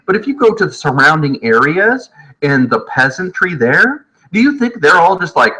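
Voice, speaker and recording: A man teaching history from home in a casual, jokey lecture, often slipping into quick voices of historical people. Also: fairly high pitch, very animated, sharp tone, rough recording.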